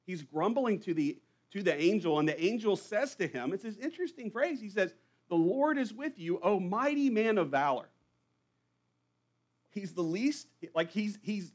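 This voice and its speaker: A man preaching a sermon to a church congregation, conversational and full of rhetorical questions. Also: high-pitched. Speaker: pastor. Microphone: live church recording.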